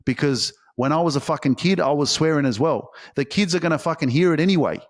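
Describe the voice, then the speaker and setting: A man's voice: a little high, fast, few pauses. Fired-up swearing motivational man. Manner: intense, profane, emphatic. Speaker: podcast host. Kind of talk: motivational monologue.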